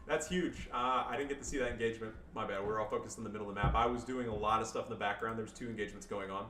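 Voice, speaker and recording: A man's voice: lowish voice, rapid-fire, few pauses, a bit bright. A man casually commentating his own strategy game match, joking and swearing loosely. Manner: joking, loose, swears, fillers like "you know". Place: home room with family around. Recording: echoey room, far-off mic, background noise.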